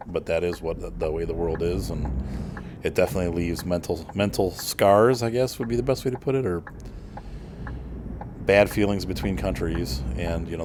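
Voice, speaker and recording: An American man from the United States hosts a gaming channel, rambling through casual commentary with many fillers and restarts while he plays. His voice sits low against a noisy background.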